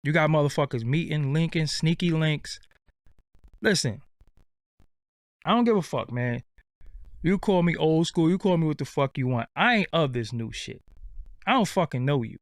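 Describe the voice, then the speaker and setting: A streetwise man tells a rambling comic story, swearing freely in a blunt, unfiltered way. His voice sits a little high for a man, and the sound is close and dry with no room ring. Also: animated, moderate pace, long pauses, dry recording. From Brooklyn, New York. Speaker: show host. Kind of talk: profane comedic storytelling.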